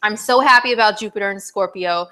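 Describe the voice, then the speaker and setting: A woman astrologer runs a casual live stream, her voice bright and forward. She is chatty and bubbly, laughing easily as she reads viewers' questions from the chat. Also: mid-range voice, fast, slight background noise. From not from New Jersey.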